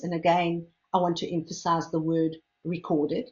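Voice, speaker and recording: An older woman, a food safety expert giving a measured, explanatory lecture and stressing key words. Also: lowish voice, fairly even intonation, lo-fi sound. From South Africa. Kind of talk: lecture presentation.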